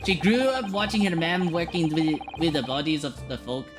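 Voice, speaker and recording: Streamer doing a folksy old scottish prison boss, chummy, lots of laddie and wee bairn, game music going clearly behind. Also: mid-range voice, moderate pace, pitched above the performer's own voice, close to an everyday voice. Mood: gossipy. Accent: put-on Scottish. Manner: folksy, chuckling, heavy Scots words like laddie, ken, wee bairn. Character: jovial older male Scottish prison governor. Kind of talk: reading game dialogue aloud on a live stream.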